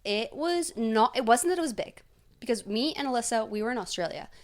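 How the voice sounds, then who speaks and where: A woman's voice: a little high, very animated, fairly quick. A young woman co-hosting a podcast, telling a casual story in a rambling, filler-heavy way full of "like". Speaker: podcast co-host. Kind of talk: casual chat.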